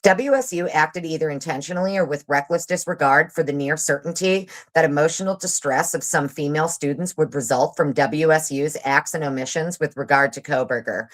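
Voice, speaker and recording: Low-voiced woman host reading fast. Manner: fast reader; sarcastic and profane. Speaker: livestream host. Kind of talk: casual livestream chat and reading aloud.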